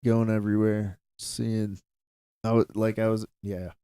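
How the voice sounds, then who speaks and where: Relaxed guest, man, smooth clear voice, close and dry. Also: on the low side, unhurried, no room sound. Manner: easygoing, rambling, repeats himself. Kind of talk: casual chat.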